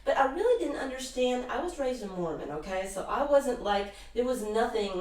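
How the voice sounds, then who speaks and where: A woman's voice: a little high, brisk. Woman telling rambling stories, echoey room. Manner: animated, rambling anecdotes with many restarts. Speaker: guest, intuitive healer. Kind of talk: casual interview storytelling. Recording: roomy echo, distant mic.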